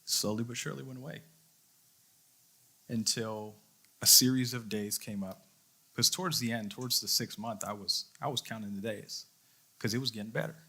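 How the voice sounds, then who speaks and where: A youth leader preaching to young people, a man with a somewhat low but bright, forceful voice. He tells his story earnestly and voices his own inner thoughts as he goes. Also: fairly even intonation, normal speed, pauses often, breathy edge. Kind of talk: sermon.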